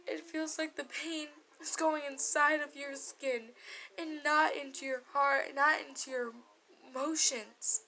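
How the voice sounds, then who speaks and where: A woman's voice: high voice, steady tone, measured pace, bright, forceful tone, low-quality recording. A woman vlogger telling a personal story in a confessional, emotional way, candid and often swearing.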